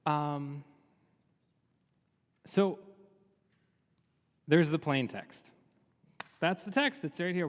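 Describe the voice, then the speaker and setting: A man, a rabbi, giving a sermon on the weekly Torah portion, telling it lively and asking many rhetorical questions. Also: medium pitch. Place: synagogue sanctuary. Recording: long reverb of a large hall.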